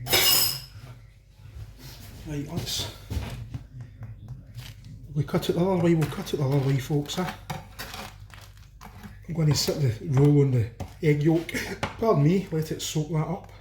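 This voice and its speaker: A man's voice: a little high, moderate pace, pauses often, roomy sound, background noise. A man with a Glasgow accent chatting casually to viewers as he cooks in a home kitchen, exclaiming over the food. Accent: Glaswegian Scottish. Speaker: home cooking vlogger. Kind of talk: casual cooking commentary to camera.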